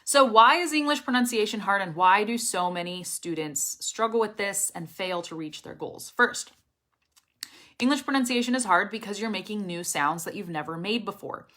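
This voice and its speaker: A woman's voice: mid-range voice, lively intonation, moderate pace, a bit bright. A young woman teaching English pronunciation in a casual online lesson, with a strong, well-supported voice, speaking energetically and often checking in with "okay?".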